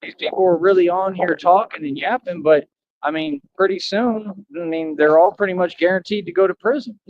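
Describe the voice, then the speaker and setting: A man holds forth on a livestream, defiant and full of himself, circling back with "like I said." His voice sits a little high for a man. The sound is dry and dull, with no room at all. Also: fairly quick, dry recording. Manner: boastful, defiant, repeats "like I said". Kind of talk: boastful livestream rant.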